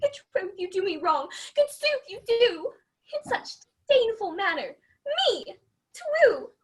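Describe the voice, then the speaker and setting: A woman's voice: extremely high pitch, sing-song, a little slow, full character voice. A girl playing a pleading, lovelorn young woman. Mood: wounded. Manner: emotional, tearful verse delivery. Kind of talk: amateur student Shakespeare performance. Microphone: video call.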